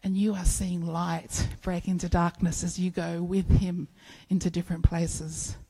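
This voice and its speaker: A woman preaching a sermon, telling stories in an animated way and acting out playful bits of dialogue. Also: on the low side, measured pace, slightly rough, poor audio.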